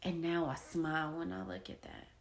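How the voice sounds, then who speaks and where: A young adult woman talking casually and from the heart to her viewers, slow and reflective, with soft whispered asides. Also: low voice, animated. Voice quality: gravelly vocal fry. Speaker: poet and painter sharing her story. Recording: echoey room.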